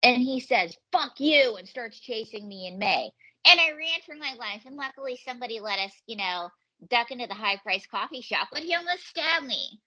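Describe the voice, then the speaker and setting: A woman's voice: fairly high pitch, expressive, brisk, bright, forceful tone, highs cut off. A woman comedian and ventriloquist telling rambling, jokey anecdotes as a guest on a podcast. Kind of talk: comic storytelling in a podcast interview.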